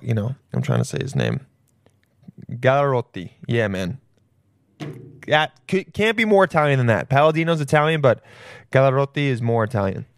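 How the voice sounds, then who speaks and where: A man's voice: medium pitch, clean tone, dry recording, clean studio sound. A young man hosting his podcast and introducing a guest in loose, rambling casual chat full of profane, jokey asides. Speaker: podcast host and comedian.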